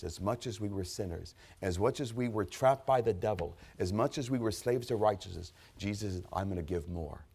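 Male pastor, low gravelly voice, pleading sermon delivery. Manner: builds from hushed storytelling to shouted, pleading altar call.

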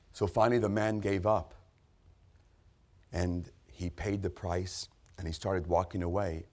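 Male pastor, low gravelly voice, pleading sermon delivery. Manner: builds from hushed storytelling to shouted, pleading altar call.

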